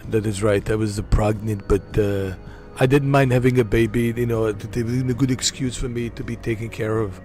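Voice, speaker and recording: A man's voice: fairly low pitch, steady tone, normal speed, few pauses, a little mellow, soft background music, lightly acted. A man doing a boastful old action star. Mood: playful boasting. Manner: rambling, playful, self-mocking. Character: boastful aging male action-star bodybuilder.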